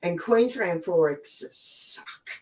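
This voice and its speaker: An Australian woman in her forties hosts her own live stream and tells stories at an unhurried pace. She is chatty, swears freely and laughs often. Her voice sounds a bit distant from the mic. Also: fairly low pitch, expressive, darkish tone. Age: 40s. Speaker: host. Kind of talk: casual live-stream storytelling.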